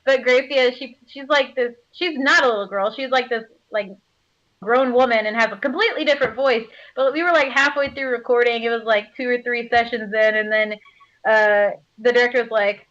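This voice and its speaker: Woman voice actor, casual interview, bubbly, laughs often, fairly high voice. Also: a little fast, a bit bright. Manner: bubbly, laughs often, lots of filler words. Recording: slightly muffled audio.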